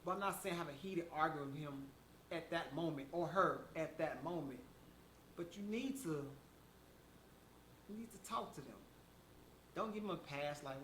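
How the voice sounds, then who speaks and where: A man's voice: fairly high pitch, normal speed, pauses often, a bit bright, a little hiss or hum. A man giving a motivational monologue, talking emphatically and preaching straight to his listeners. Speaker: motivational speaker. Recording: echoey room with faint background ambience.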